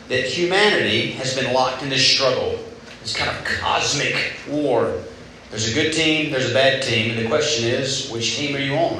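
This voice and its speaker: A man preaching a casual, animated sermon, retelling scripture in everyday talk. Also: medium pitch, slight background noise. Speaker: youth pastor. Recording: echoey hall from far off.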